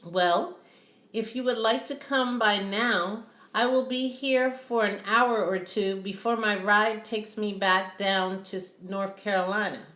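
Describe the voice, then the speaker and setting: A woman reading the part of a polite young man with an African accent, in measured, formal speech. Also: high-pitched, fairly even intonation, sharp tone, pitched above the performer's own voice. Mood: earnest. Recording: roomy echo.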